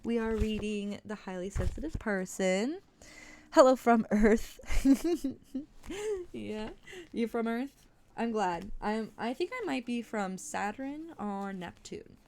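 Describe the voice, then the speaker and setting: A woman's voice: mid-range voice, lively intonation, slow pace, gravelly, darkish tone. A young adult woman streaming, chatting candidly and rambling, swearing freely between book readings. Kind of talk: casual livestream chat.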